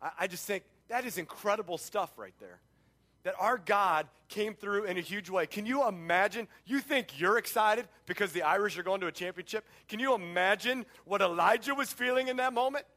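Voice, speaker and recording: A middle-aged man preaching a sermon, telling the story in an animated way and breaking off into sports asides. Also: high-pitched, normal speed. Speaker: pastor.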